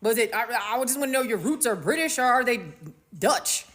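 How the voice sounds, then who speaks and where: A woman's voice: fairly high pitch, normal speed, fairly bright tone. A woman from the United States hosting her own show, giving a blunt, emphatic commentary monologue full of fillers and restarts. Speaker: show host.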